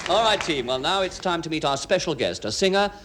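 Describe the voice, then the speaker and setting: A man chairing a radio panel show, brisk and calling on each panelist by name. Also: a little high, animated, over a noisy crowd. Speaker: quiz chairman. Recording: hissy 1960s radio broadcast. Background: studio audience.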